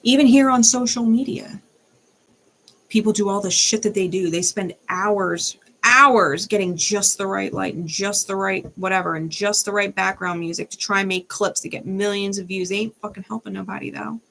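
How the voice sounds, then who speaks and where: A woman's voice: mid-range voice, moderate pace, creaky, a bit bright. A young adult woman, a tarot reader, ranting in a blunt, fired-up way and swearing freely. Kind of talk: unscripted ranting monologue.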